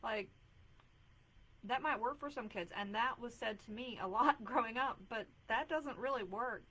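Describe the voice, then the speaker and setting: Hosting a live video stream, this thirtysomething mom life coach offers earnest, chatty advice packed with fillers in a casual style. She sounds a little high, pushed and bright, slightly rough, at normal speed, and the recording is rough.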